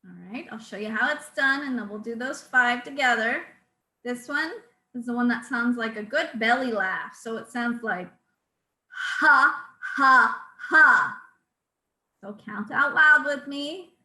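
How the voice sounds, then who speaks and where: Speech therapist lady walking a class thru voice drills, high bright voice, kinda echoey room. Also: moderate pace. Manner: calm, instructive, counts out drills. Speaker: speech-language pathologist leading voice exercises. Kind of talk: guided exercise class.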